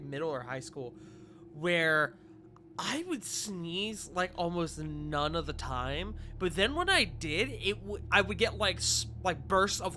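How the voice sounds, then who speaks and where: Game master, chatty and expressive, bright voice, lively pitch. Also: slight background noise. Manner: animated, laughing storyteller. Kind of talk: casual chat while running a tabletop game.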